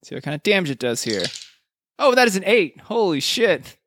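A man's voice: sits high, sing-song, brisk, fairly bright tone, no room sound, clean studio sound. A man co-hosting a podcast, calling dice rolls with loose, swearing, jokey banter. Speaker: podcast co-host. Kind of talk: casual chat narrating a dice battle.

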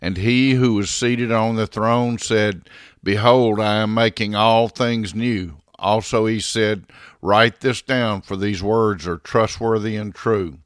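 A man with a low, smooth, resonant voice reads scripture aloud in a measured and solemn way. The sound is dry and close, with no room around it. His delivery stays even and unhurried. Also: no room sound. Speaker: scripture reader.

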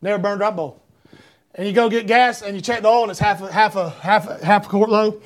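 High-voiced Southern preacher rambling through stories. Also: male voice, steady tone, quick pace. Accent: Southern US, Georgia. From Georgia, US. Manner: rambling, self-deprecating, stumbling restarts, rising to shouts. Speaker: pastor. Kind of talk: sermon with personal stories.

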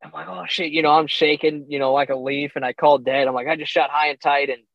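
A man's voice: on the high side, quick pace, dry recording. Young man telling a hunting story. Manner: animated, acts out his own reactions with "I'm like", chuckles often. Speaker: podcast guest. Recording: slightly dull, dry sound.

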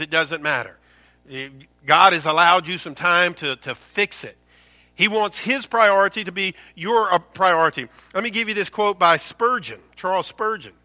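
A man's voice: sits high, sharp tone. A man preaching a sermon to his congregation, quoting scripture and building his points with shifting intensity. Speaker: pastor.

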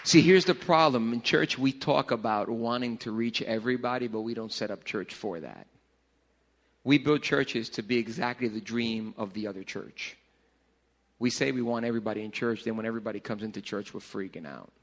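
A middle-aged man preaching a casual youth sermon in a church hall, joking and swinging between loud bursts and hushed lines. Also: mid-range voice, normal speed. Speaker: pastor.

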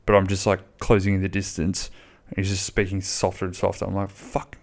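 A man's voice: low-pitched, monotone, a little fast, vocal fry. A man, chatting casually and bluntly on his own podcast, rambling and swearing freely. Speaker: podcast host. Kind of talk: casual solo podcast chat.

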